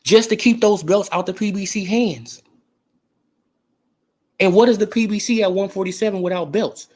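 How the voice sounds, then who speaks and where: A man's voice: high-pitched, normal speed, pauses often, a little mellow. A man hosting a casual boxing talk show, talking back to his chat, emphatic and slangy with plenty of cursing. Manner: emphatic, profane, slangy, fired-up. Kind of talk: casual opinionated sports talk.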